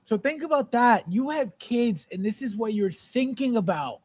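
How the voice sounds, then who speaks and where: A man's voice: very high-pitched, expressive, normal speed, darkish tone, dry recording. A man hosting a live collector show, ranting with exasperation and repeating himself as he answers chat. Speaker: podcast host. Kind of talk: live-stream chat with viewers.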